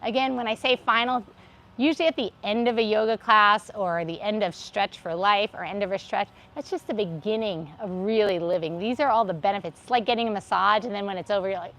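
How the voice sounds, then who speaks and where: A woman's voice: medium pitch, a bit bright. A woman leading a live wellness and laughter yoga class, upbeat, encouraging and playful as she guides stretches and breathing. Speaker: wellness instructor. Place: livestream.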